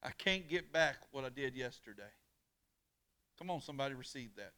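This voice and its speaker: A man preaching a sermon in church, calling on the congregation to answer back and swinging from hushed, close lines to loud declarations. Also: medium pitch, normal speed, pauses often. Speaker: pastor. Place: church on a weeknight.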